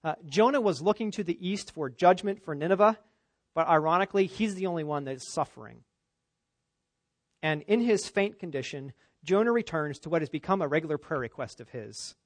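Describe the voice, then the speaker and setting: A man preaching an expository sermon, emphatic, climbing for stress and dropping low for asides. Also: lively intonation, a little fast, no room sound. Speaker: pastor.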